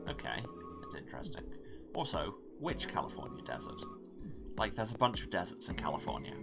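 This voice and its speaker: A man's voice: sits low, sing-song, fairly quick, creaky. A man playing through a visual novel and dropping sarcastic, wry asides between the lines he reads. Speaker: let's play host. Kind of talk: reading a visual novel aloud with commentary. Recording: game music underneath. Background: game music.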